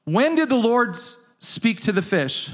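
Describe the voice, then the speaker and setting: A male pastor preaching a sermon to his church, emphatic and animated, repeating phrases for effect. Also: very high voice, unhurried.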